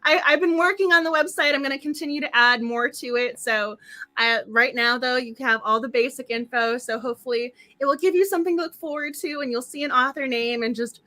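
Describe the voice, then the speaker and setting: A woman hosting a book club livestream in casual, effusive chat, her voice slightly hoarse. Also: high-pitched, fairly quick, sharp tone.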